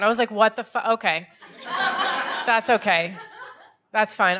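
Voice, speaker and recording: An American woman in her thirties performing stand-up comedy in a club, wry and deadpan, acting out other people's lines. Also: a little high, noisy background. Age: 30s.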